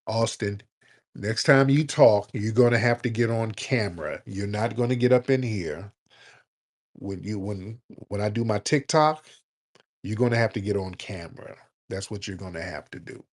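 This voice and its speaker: A man hosting a call-in show, blunt and joking, scolding his callers in loud, casual talk. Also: lowish voice, normal speed. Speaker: radio call-in host.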